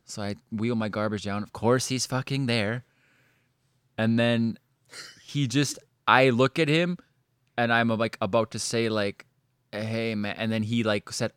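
Animated, swearing storyteller man. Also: on the low side, a little slow, smooth, dry recording, clean studio sound. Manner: animated, swears a lot, many likes and restarts. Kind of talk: casual storytelling chat.

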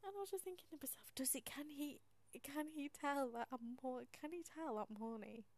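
A woman's voice: sits high, normal speed, a little mellow, dry recording. A woman hosting a casual monologue, chatty and self-mocking, often half-whispering, laughing and swearing as she tells her story. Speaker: podcast host.

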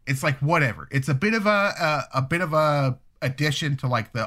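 Profane, animated man telling a story. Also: a little high, brisk. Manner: profane, animated, acts out quoted voices. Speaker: storyteller guest. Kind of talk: casual storytelling.

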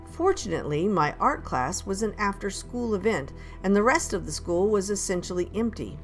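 A woman reading a first-person audiobook in a measured, steady storytelling manner. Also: fairly low pitch. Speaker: audiobook narrator.

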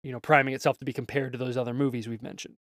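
A man's voice: mid-range voice, little pitch movement, rapid-fire, a bit bright, no echo, clean studio sound. A man co-hosting a podcast, comparing films in a casual, analytical way with small chuckles. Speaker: podcast co-host. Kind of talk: casual film discussion.

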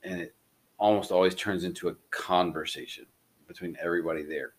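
A man's voice: sits low, steady tone, a little fast, husky. A man who works in schools, chatting loosely on a podcast, with lots of fillers and wry asides. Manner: rambling, filler-heavy, wry. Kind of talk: casual chat.

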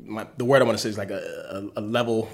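A man's voice: lowish voice, fairly even intonation, rapid-fire, a crowd in the background. A man chatting casually as a podcast co-host who laughs often and gives frequent backchannel responses. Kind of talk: casual chat.

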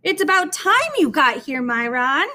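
A woman's voice: high-pitched, very animated, a little slow, sharp tone, pitched above the performer's own voice, heavily acted. A woman reading a storybook aloud, voicing a strict, earnest woman schoolteacher with an insistent, instructive way of talking. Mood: scolding.

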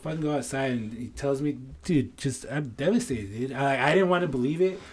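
A man co-hosting a podcast in casual chat among friends, slangy and swearing, halting and repeating himself. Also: mid-range voice. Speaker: podcast co-host.

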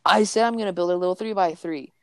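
A man's voice: high voice, quick pace, a crowd in the background. A young man co-hosting a gaming podcast, chatting casually and joking around while he plays. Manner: goofy, joking, rambling. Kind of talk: casual gameplay chat.

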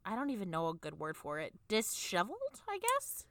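A young woman co-hosts a casual podcast recap, talking in a bright, forceful voice. She tells the story with sassy asides and little acted quotes. The sound is dry and close. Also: medium pitch, wildly swooping pitch, brisk, no echo. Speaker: podcast co-host. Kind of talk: casual chat recapping a film.

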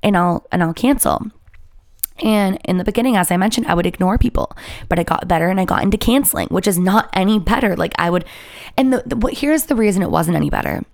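A woman's voice: mid-range voice, expressive, quick pace, gravelly, dry recording, clean studio sound. A woman in her twenties, a YouTuber telling a personal story to her viewers in a candid, rambling way, full of "like" and restarts. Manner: rambling, confessional, heavy with "like" and restarts.

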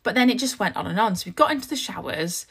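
A young woman, a mum vlogger, chats casually to viewers and tells a long, rambling story full of "like" and restarts. Her mid-range voice is animated and fast, with vocal fry and a breathy edge.

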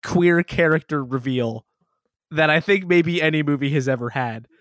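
A man co-hosting a casual movie review chat, rambling and halting, swearing and laughing often. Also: a little high, no room sound, clean studio sound. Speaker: podcast co-host.

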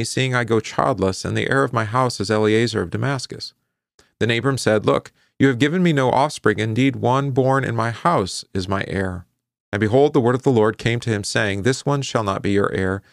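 A man's voice: low voice, gravelly, no echo, studio quality. A man teaching an informal Bible study, talking conversationally, often checking in with "right?" and answering listeners' questions.

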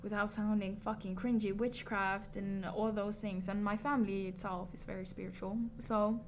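A woman's voice: medium pitch, flat delivery, moderate pace. A young woman chatting casually with a friend, laid-back and slangy, swearing now and then. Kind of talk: casual chat. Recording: dull lo-fi sound with faint background noise.

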